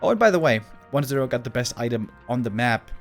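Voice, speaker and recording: A man's voice: mid-range voice, very animated, fast talker, soft background music. Chatty man casting a strategy game. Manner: chatty, exclaiming at plays, drifts into asides to chat. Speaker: esports caster. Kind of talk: live game commentary.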